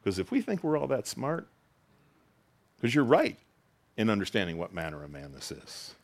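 A man preaching a sermon in a conversational, expressive way, rising high for quoted lines and dropping low for emphasis. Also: moderate pace. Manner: conversational, with asides and laughs. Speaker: pastor.

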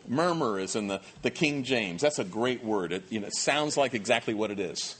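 A man preaching a sermon as pastor, animated and humorous, acting out voices. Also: mid-range voice, a little fast, few pauses, breathy edge. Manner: animated, acts out quoted voices, self-deprecating humor.

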